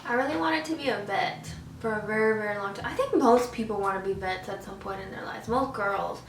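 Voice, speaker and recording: A woman's voice: mid-range voice, brisk, distant mic, slight background noise. A young woman vlogger telling stories casually over a meal and acting out the scenes as she goes. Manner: animated, acts out scenes and voices. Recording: roomy echo, voice off-mic.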